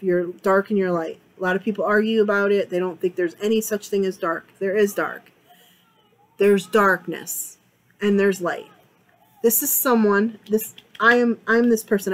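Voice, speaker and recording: A woman's voice: on the low side, low-quality recording. Chatty woman giving a tarot reading. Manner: chatty, rambling, repeats herself. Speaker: tarot reader. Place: home, sitting on a couch area with a fan on.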